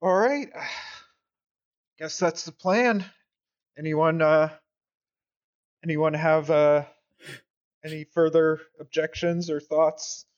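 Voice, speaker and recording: A man playing a tabletop game, speaking hesitantly with many pauses and ums. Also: a little high, steady tone, dull audio. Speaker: player. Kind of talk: casual tabletop play.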